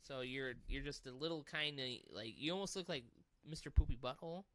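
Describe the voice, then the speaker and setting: A man co-hosting a casual gaming podcast, telling stories in an animated, profane way. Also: mid-range voice, a little fast, no echo. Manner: animated storytelling with swearing and laughs. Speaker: podcast co-host.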